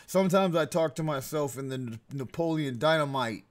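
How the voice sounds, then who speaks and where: A man's voice: fairly high pitch, brisk, crowd noise. A man hosting a casual online podcast, laughing often and swearing freely. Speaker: podcast host. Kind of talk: casual group chat. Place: online group call.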